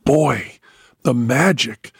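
Teasing older man with a husky voice. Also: medium pitch, drawn-out words, no room sound, studio quality. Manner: rambling, teasing. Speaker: podcast host. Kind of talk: casual chat.

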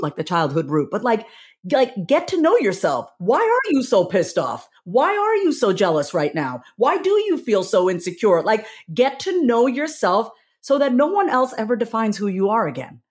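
Lively, candid woman chatting as a guest. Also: a little high, normal speed. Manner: animated, laughing, candid. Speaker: podcast guest, author. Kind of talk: casual interview chat.

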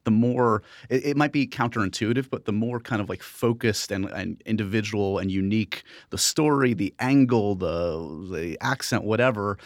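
An American man with a lowish voice hosts the conversation, asking curious questions in a loose, chatty way. His voice sits close and dry on the mic. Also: normal speed, hardly any pauses, no echo. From United States. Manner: curious, chatty, laughs easily. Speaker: interview host. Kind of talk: casual interview chat.

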